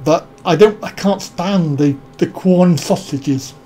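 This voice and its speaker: A man's voice: high voice, slow pace, mellow. A man hosting a casual live stream, rambling and joking as he greets viewers by name and answers their comments.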